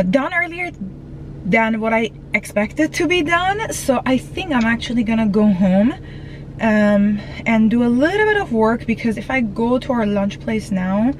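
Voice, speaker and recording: A woman's voice: fairly high pitch, lively intonation, unhurried, slight background noise, poor audio. A woman vlogging casually from inside her car, chatty and rambling with lots of fillers, a bit out of breath, recorded on a phone. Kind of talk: casual vlog chat.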